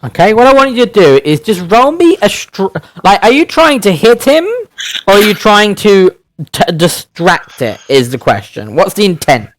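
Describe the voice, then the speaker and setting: Lively man running a tabletop game. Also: high-pitched, moderate pace. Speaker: game master.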